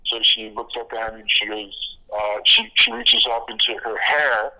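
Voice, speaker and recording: A man's voice: fairly low pitch, very animated, measured pace, sharp tone, low-quality recording. A man guest on a podcast interview, telling his stories casually with many fillers and restarts, laughing at his own jokes. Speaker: podcast guest, comic creator.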